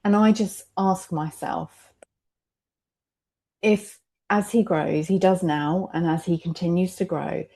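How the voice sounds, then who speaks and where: A woman's voice: on the low side, fairly even intonation, slow pace, dark tone, slightly rough. A mother in a candid roundtable conversation, speaking reflectively and emotionally, often laughing between her thoughts.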